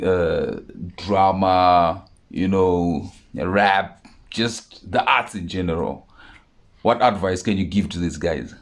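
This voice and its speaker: A man hosting an interview, asking his questions in a measured, inquisitive way. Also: sits low. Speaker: interview host.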